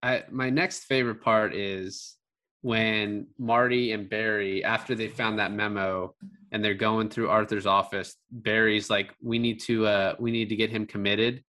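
A man casually talking through a film's plot and favorite scenes, animated and swearing for emphasis as he acts out lines. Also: on the low side, unhurried. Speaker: podcast co-host discussing a film. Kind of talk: casual conversation.

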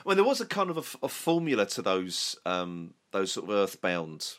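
A man's voice: sits low, very animated, normal speed, fairly bright tone. A man hosting a podcast in casual chat, rambling and hedging with many restarts. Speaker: podcast host.

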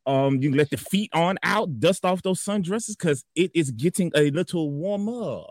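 A man's voice: a little high, lively intonation, normal speed, no room sound, clean studio sound. A man doing a joking weather report on a comedy morning show, loose and rambling in slangy casual talk.

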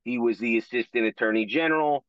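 A man's voice: medium pitch, quick pace, fairly bright tone, no echo, dull audio. A man co-hosting a podcast, chatting casually and filling in background facts. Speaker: podcast co-host. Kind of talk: podcast interview.

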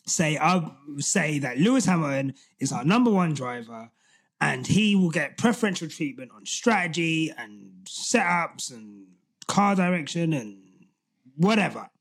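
A man co-hosting a sports podcast in casual chat, animated, laughing often and restarting his sentences. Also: fairly high pitch, breathy edge. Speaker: podcast co-host.

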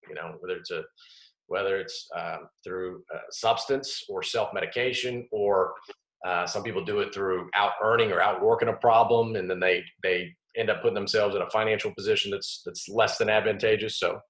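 A man hosting an interview, asking questions and reflecting thoughtfully, with many halting fillers. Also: sits low, a bit bright. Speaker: podcast host and interviewer. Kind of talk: conversational interview. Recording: roomy echoey sound.

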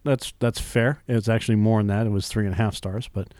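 Blunt, smooth-voiced man reviewing a film. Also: fairly low pitch, steady tone, brisk, a little mellow, dry recording, clean studio sound. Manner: blunt, swears freely, talks over his co-host. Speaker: podcast movie reviewer. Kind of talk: casual podcast chat.

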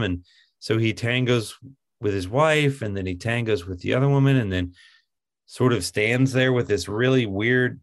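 A man's voice: mid-range voice, creaky. A man casually reviewing a film with a co-host, given to incredulous, exasperated outbursts.

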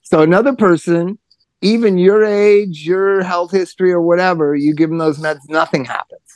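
A man with a fairly high voice hosts a podcast in casual chat. He tells stories with a lot of animation, swearing now and then, and his voice swings up and down. The sound is dry and close. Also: normal speed, no room sound. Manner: animated, swears, swings pitch widely when telling stories. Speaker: podcast host.

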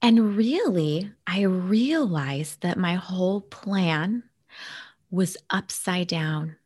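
A woman's voice: on the low side, animated, extremely slow, darkish tone, slightly rough. A woman telling a personal family story in casual conversation, earnest, sometimes dropping to a near-whisper. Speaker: guest sharing a family story.

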